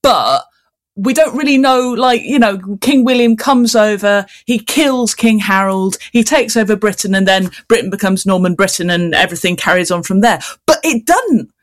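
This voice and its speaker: Brief: woman author, chatty, self-mocking, mid-pitched, casual interview guest. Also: moderate pace. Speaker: children's author.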